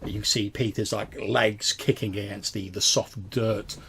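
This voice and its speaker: A man's voice: lowish voice, steady tone, unhurried, vocal fry, a bit bright, a little hiss or hum. A man narrating as game master of a tabletop game, describing scenes with frequent fillers.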